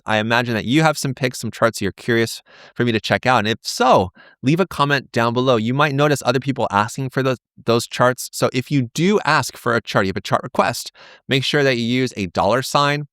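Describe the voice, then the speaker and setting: A man's voice: medium pitch, fairly bright tone, smooth, no room sound, studio quality. A man hosting a crypto trading channel, talking casually through charts with rambling, self-deprecating, joking asides. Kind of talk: casual chart-analysis vlog.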